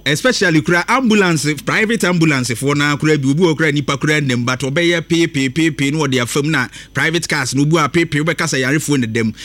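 A man hosting a radio phone-in show, from Ghana. His voice sits a little high for a man. He talks in a steady, conversational way, taking callers one after another. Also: fast talker, few pauses, dry recording. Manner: mixes local language and English, steady conversational.

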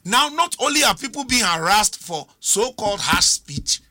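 Animated Ghanaian man arguing politics. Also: sits high, moderate pace. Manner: animated, rhetorical, switches between English and Twi. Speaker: political commentator. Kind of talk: studio political discussion.

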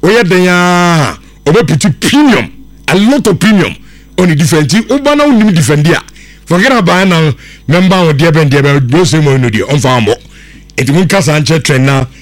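A man's voice: a little high, animated, normal speed, no echo. A man with a Ghanaian accent hosting a sports radio show, reading out listener messages in a casual, chatty way.

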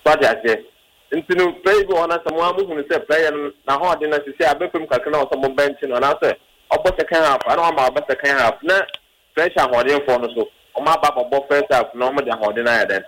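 A man's voice: fairly high pitch, fast, a bit bright, slight background noise, poor audio. Earnest Ghanaian man calling a radio show. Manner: earnest, pleading, mixes languages. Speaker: caller. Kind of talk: call-in radio football opinion.

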